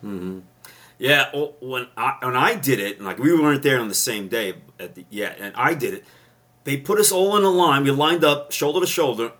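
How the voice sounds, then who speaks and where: A man, a retired police officer on a podcast, telling stories with rambling restarts and rising loud when excited. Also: medium pitch, normal speed. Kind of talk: casual storytelling chat.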